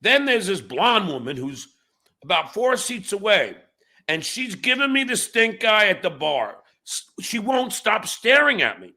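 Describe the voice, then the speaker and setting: With a high-pitched voice that swings widely in pitch, a middle-aged livestream host speaks a little slowly in a bright, forceful tone. He tells stories and discusses politics, full of swearing and stammered restarts.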